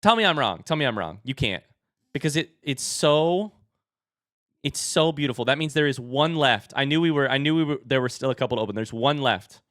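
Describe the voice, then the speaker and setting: Bright, excitable male streamer. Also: normal speed, no room sound, studio quality. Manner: excitable, bursts into high shouts; hype commentary. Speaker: streamer opening card packs. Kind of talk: live stream chat.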